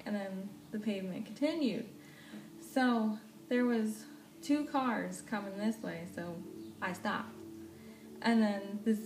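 A young woman casually telling a storytime vlog, animated and swearing freely, laughing often. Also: a little high. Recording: echoey room, faint background noise.

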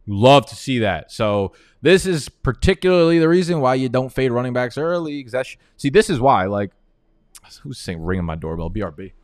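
A man's voice: mid-range voice, expressive, brisk, no room sound. A young man giving casual, profane, trash-talking commentary on a live stream. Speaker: fantasy football analyst.

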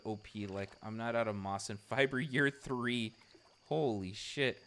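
A male streamer chatting casually with his viewers while playing, excitable and swearing freely as he reacts to the game. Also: mid-range voice, measured pace, slight background noise. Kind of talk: casual live gameplay chat.

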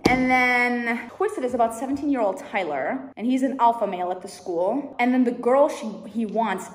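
Bubbly young woman unboxing books, echoey room. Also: fairly high pitch. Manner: bubbly, squeals and gasps with excitement. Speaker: book vlogger. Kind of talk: casual unboxing chat. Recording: echoey room with long reverb.

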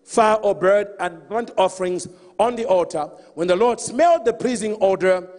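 A man preaches an animated sermon, calling out to the congregation and acting out the figures in the story. His voice sits high, moves at normal speed, and carries big-room sound.

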